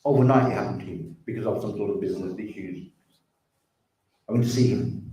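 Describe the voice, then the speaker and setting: A man with a warm, lowish voice speaks fairly quickly in an earnest community talk about drug addiction. He keeps repeating himself and refers to his listeners as brothers and sisters. The audio comes from a far-off mic in a very echoey hall.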